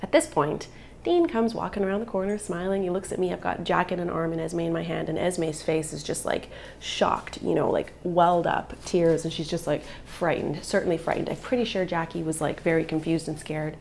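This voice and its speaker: A woman's voice: lowish voice, a little fast, creaky, darkish tone, slight background noise. A woman in her thirties, a vlogger and mother, telling a personal story in an earnest, emotional way.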